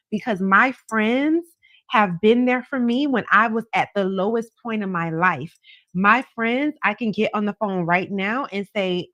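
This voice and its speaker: A woman's voice: mid-range voice, normal speed, a bit bright, no room sound, dull audio. A woman hosting a casual livestream, talking to viewers in a chatty, emphatic way and repeating her points as she gives advice. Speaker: psychic tarot reader livestream host.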